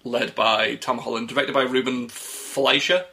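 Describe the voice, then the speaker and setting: A man co-hosting a podcast in easygoing conversation. His voice is bright and a little tense, sitting at a middle pitch, and he laughs often and trails off as he thinks. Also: steady tone, a little slow, creaky. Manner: chatty, laughs often, trails off mid-sentence. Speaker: podcast co-host. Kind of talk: casual chat.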